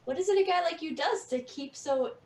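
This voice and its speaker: A woman's voice: high-pitched, brisk, a little mellow, recorded from a distance. A woman playing a character in a tabletop game, playful and giggly. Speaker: player.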